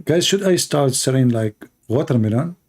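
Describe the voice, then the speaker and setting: A man's voice: medium pitch, animated, moderate pace, a little mellow. Sarcastic man hosting a reaction stream. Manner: mocking, sarcastic, non-native English phrasing. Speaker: channel host reacting to a video. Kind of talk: sarcastic live-stream commentary.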